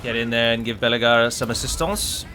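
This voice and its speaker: A man's voice: mid-range voice, a little fast, pushed and bright, soft background music. A man giving casual live gameplay commentary, chatty and wry, talking to his units as he plays. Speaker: gaming video creator.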